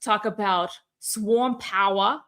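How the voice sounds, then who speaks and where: A woman's voice: mid-range voice, slow, a bit bright. A woman co-hosting a weekly company call in casual chat, upbeat and chatty, laughing often.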